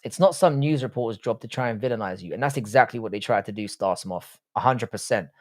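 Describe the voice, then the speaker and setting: A man's voice: on the low side, lively intonation, fast. A young Irish man hosting a casual livestream, reading chat aloud and answering with blunt, profane banter. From Republic of Ireland.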